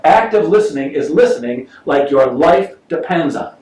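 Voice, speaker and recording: Guy doing a sales seminar, jokey, acts out the stories, kinda high voice, far off mic in an echoey room. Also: animated, moderate pace, darkish tone. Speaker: sales trainer giving a talk. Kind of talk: live seminar talk to an audience. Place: meeting room with audience. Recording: roomy, distant mic with faint noise.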